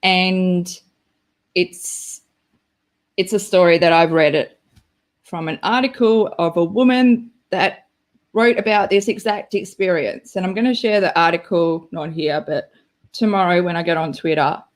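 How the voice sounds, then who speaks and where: A woman with a lowish voice hosts a live stream at a measured pace. She chats casually and rambles, giggling and filling her speech with lots of "like."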